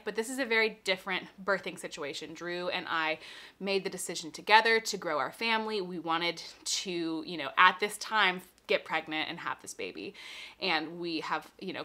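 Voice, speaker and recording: A woman's voice: on the low side, pushed and bright. A young pregnant woman, a little out of breath, casually explaining and reassuring as she answers viewer questions.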